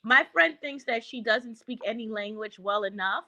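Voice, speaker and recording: Blunt bright-voiced woman panelist. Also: a little high, normal speed, dry recording, muffled recording. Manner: blunt, teasing. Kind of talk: casual commentary chat.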